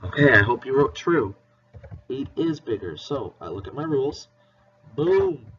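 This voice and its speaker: An expressive, slightly bright male voice of medium pitch teaches children math at a moderate pace, keeping things playful and encouraging and spelling out words. The mic is distant, and the dull lo-fi recording carries a faint hiss.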